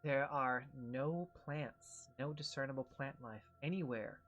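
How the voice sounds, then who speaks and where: A man's voice: mid-range voice, measured pace, a bit bright, soft background music. A man narrating as game master of a tabletop game, describing scenes in a meandering way with many fillers.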